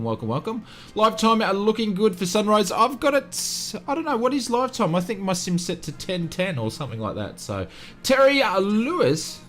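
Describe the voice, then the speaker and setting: A man with an Australian accent, hosting a flight sim live stream and greeting viewers in a chatty, friendly way with many fillers. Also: high voice.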